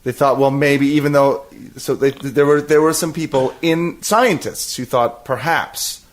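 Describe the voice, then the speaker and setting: Casting: man, mid-pitched, hesitant and halting, plays the amused son. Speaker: comedy podcast co-host playing the son. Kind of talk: improvised comedy podcast chat.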